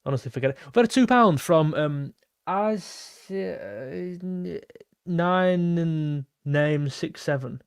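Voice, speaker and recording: Speaking slowly, a young man with a slightly high, expressive, creaky yet clean voice reads viewer messages and chats his thanks to donors on a casual football livestream. The sound is clean studio audio with no echo.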